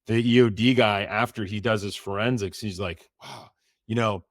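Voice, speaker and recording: A man's voice: on the low side, fairly even intonation, normal speed, no room sound, clean studio sound. A middle-aged man, a former Navy SEAL, vividly retelling a story in an interview and acting out the dialogue.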